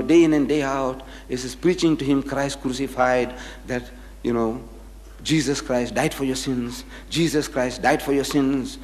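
A man giving a public lecture, telling anecdotes and acting out the quoted dialogue with animation. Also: medium pitch. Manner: animated storyteller who acts out quoted dialogue. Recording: echoey hall reverb.

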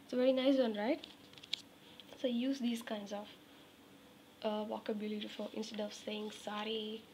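A woman teaching English phrases, repeating each example slowly and checking in with her students. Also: medium pitch, level tone, background noise. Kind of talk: spoken English lesson.

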